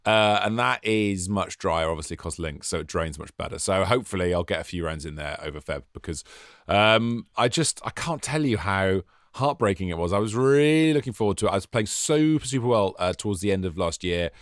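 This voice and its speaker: Male co-host, animated storyteller, lowish voice, very expressive, dry studio mic. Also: fairly quick, no echo. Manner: animated, jokey, exaggerated storytelling. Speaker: podcast co-host. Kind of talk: casual chat.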